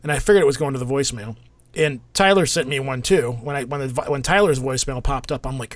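A man's voice: mid-range voice, fast, dry recording. A man co-hosting a casual podcast, telling a rambling story and joking along. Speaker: podcast co-host.

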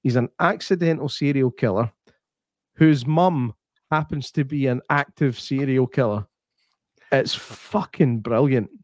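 Scottish male podcast co-host, sweary, animated storyteller, dry close sound. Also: medium pitch, a little slow, no room sound. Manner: sweary, animated storyteller who acts out quotes. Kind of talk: casual chat.

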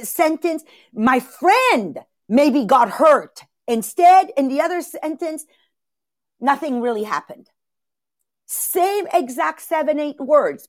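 Host: woman, higher voice, dry close mic, emphatic coaching talk. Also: dry recording. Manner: emphatic, repeats words for stress, many fillers. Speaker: podcast host, leadership coach. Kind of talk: motivational teaching talk.

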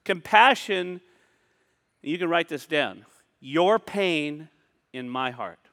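A man preaching a sermon in a relaxed, conversational manner, often repeating phrases to drive a point home. His voice sits a little high and rings bright and forceful. A long reverb from a church hall trails behind his words. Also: takes it slowly. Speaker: pastor.

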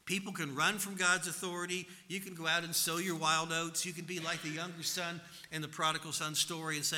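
A man preaching a sermon, his voice bright and sharp and carrying well above the usual pitch. He leans into the important points with rising force, and a long hall reverb trails behind every phrase. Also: fairly even intonation, fairly quick. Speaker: pastor.

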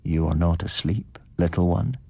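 A man reading aloud, voicing a cold, menacing undead old man with a dead, flat voice in a spoken storybook. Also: low-pitched, normal speed, vocal fry, breathy edge, dry recording, full character voice.

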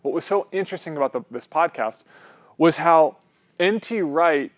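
A man's voice: fairly high pitch, animated, normal speed. A man preaching a conversational sermon as pastor, loose and rambling, often checking in with his listeners. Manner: casual, rambling, frequent "um" and "right?".

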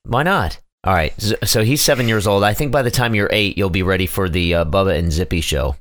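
A man's voice: low voice, a little fast, slight background noise. A middle-aged man co-hosting a casual family podcast, telling stories with lots of stammers and restarts. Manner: animated storyteller, frequent stammers and restarts. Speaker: podcast co-host, father.

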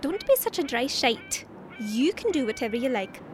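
A woman with an Irish accent acting in an audio drama, brisk, bossy and playful. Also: sits high, sing-song, background noise.

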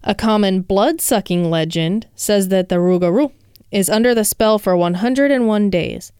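A woman's voice: medium pitch, normal speed, darkish tone, clean tone, dry recording, studio quality. A woman co-hosting a casual chat, reading folklore aloud with playful jokes. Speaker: podcast co-host.

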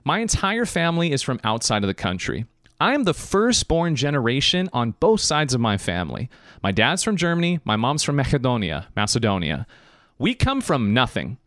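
A man's voice: fairly high pitch, sing-song, normal speed, a bit bright, no room sound, clean studio sound. A young man hosting a podcast, talking passionately in a rambling motivational monologue. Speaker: podcast host.

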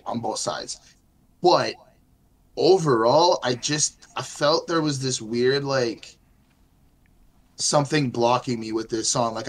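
Hesitant man talking over faint noise. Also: mid-range voice. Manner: hesitant, many fillers and restarts. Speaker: music reviewer. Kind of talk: casual chat.

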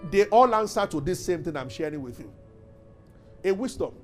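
A man's voice: high-pitched, expressive, normal speed, a little mellow, faint music behind. A man preaching a fervent sermon as pastor, building to emphatic declarations.

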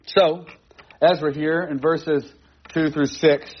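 A man preaching an expository sermon, talking it through in a conversational way and circling back on his phrases to stress them. His voice sits a little higher than most men's, and the recording sounds dull and lo-fi. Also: fairly even intonation, slow pace, breathy edge. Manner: conversational, repeats phrases for emphasis. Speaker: pastor.

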